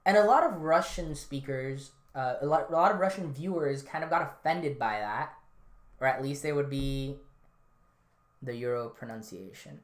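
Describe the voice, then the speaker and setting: A woman's voice: rumbling low, lively intonation, normal speed. A woman hosting a casual solo podcast, rambling and offhand with lots of fillers and restarts. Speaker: podcast host. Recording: roomy, echoey room.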